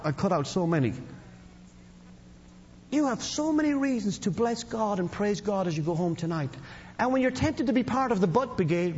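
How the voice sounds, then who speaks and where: A man preaching a sermon, telling a story and leading a prayer, emphatic, with his voice lifting for emphasis and sinking low and slow as he prays. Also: a little hiss or hum. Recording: dull sound with long hall reverb.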